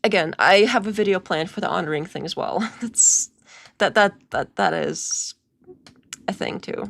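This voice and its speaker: A woman's voice: lowish voice, moderate pace, creaky, fairly bright tone, dry recording. A woman hosting a live reaction stream, giggly and sarcastic as she mocks what she watches. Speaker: host of a watch-along stream.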